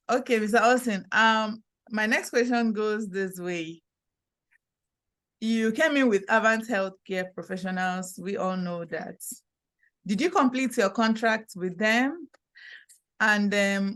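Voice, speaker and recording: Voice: mid-range voice, a bit bright. Interview host asking organized questions. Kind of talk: conversational interview.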